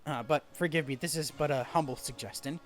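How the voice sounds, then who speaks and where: A man's voice: a little high, a little fast, pitched below the performer's own voice, natural voice. A man reading the lines of a refined, courteous patron of a geiko district in a video game, with old-fashioned phrasing.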